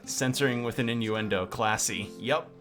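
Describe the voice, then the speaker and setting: A man's voice: medium pitch, moderate pace, fairly bright tone, soft background music. Joking, rambling man streaming a game. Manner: rambling, joking, reads game text aloud with stumbles. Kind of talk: let's play commentary.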